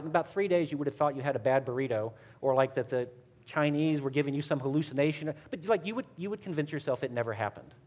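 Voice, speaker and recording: A man giving a conversational, emphatic church talk who speeds up when telling stories. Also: medium pitch. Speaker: church speaker. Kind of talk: sermon-style talk.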